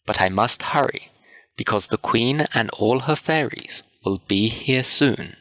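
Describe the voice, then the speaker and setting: A man reading the part of a female fairy servant gathering raindrops for her queen, in a busy, hurried manner, in a storybook reading. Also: mid-range voice, bright, forceful tone, no echo, poor audio.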